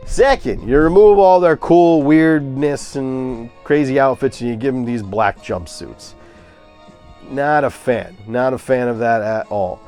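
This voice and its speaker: A man's voice: medium pitch, measured pace, darkish tone, smooth, soft background music. A man giving a casual, opinionated movie review, ranting and scoffing with lots of fillers and restarts.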